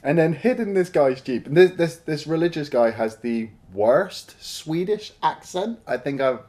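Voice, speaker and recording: Guy cohosting a movie review podcast, mellow dark voice, swears a lot, acts out the scenes. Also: a little high, animated, a little slow. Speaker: film review podcast co-host. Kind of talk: casual chat.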